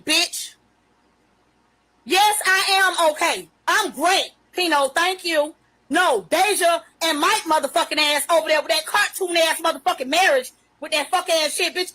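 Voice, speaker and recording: A woman's voice: extremely high pitch, bright, forceful tone, poor audio. A woman hosting a livestream and ranting in a profane, confrontational way, stretching out her emphatic phrases. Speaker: livestream host. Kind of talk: unscripted livestream rant. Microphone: phone livestream.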